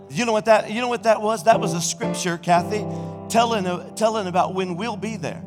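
A middle-aged senior pastor, preaching an exuberant sermon and shouting praise in a church sanctuary. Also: male voice, sits high, brisk, over music. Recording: reverberant church hall.

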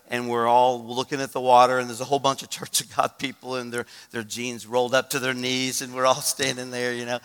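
Bright-voiced pastor in a reverberant hall. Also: male voice, mid-range voice, clean tone. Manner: animated storyteller who acts out quoted voices. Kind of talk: storytelling sermon.

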